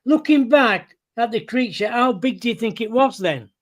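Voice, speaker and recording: A man's voice: very high-pitched, lively intonation, moderate pace. A man hosting a radio show, interviewing a guest and reacting with exclamations.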